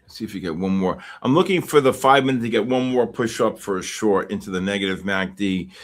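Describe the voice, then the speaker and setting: Excitable man calling live market moves. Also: lowish voice, fairly quick. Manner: excitable, teasing viewers, repeats himself. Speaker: livestream trading host. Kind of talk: live market commentary and chat banter.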